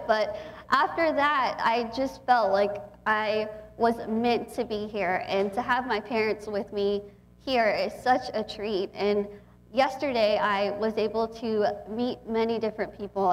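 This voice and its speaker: A young woman in her twenties from Texas speaks to a gathering as a guest speaker. She talks in a chatty, heartfelt way, and her voice sits a little high. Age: 20s. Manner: chatty, warm and emotional, with frequent laughs. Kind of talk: inspirational talk to an audience.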